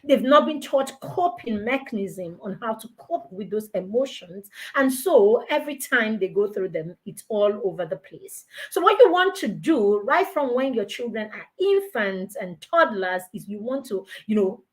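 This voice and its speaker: A woman giving a lively parenting talk, acting out parent and child dialogues as she goes. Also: medium pitch, moderate pace, hardly any pauses. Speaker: parenting mentor. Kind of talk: live online parenting talk.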